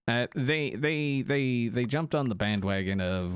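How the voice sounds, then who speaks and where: A man's voice: mid-range voice, slow pace, a little hiss or hum. A man streaming casually while gaming, rambling and interrupting himself as he chats. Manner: rambling, animated, self-interrupting.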